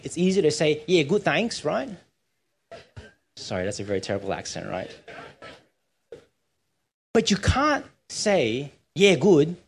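A man's voice: medium pitch, slightly rough. A man preaching a sermon in church, conversational and often checking in with his listeners. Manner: conversational, often asks "right?".

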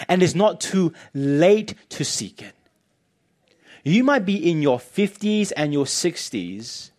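A man preaching a sermon as pastor, earnest and pastoral, often repeating a word as he starts a thought. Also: on the high side.

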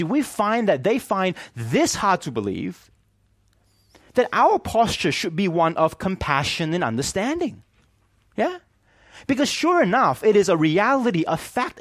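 A man preaching a sermon as pastor, animated and often asking his listeners questions. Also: high voice, no room sound, studio quality.

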